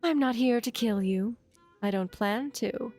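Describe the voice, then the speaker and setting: A woman's voice: on the high side, a little slow, a little mellow, faint music behind, lightly acted. A woman doing a cool mocking spy.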